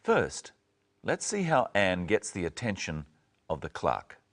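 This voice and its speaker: A man presenting an English lesson, speaking slowly and clearly and carefully modelling each phrase for learners. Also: sits low, huge pitch swings. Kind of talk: slow, clear teaching narration.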